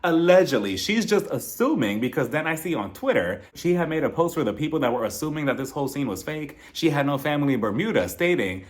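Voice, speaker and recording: A man giving a casual, gossipy recap of a reality TV episode, laughing often and acting out what the cast said. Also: quick pace. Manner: gossipy, animated, laughs often and acts out quoted lines in high or low voices.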